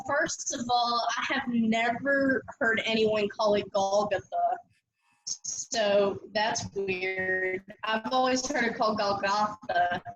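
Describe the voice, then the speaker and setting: A woman's voice: on the high side, poor audio. Southeast Louisiana woman on a video call, chatty and teasing, with faint noise behind her. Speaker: church member. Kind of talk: casual video call chat.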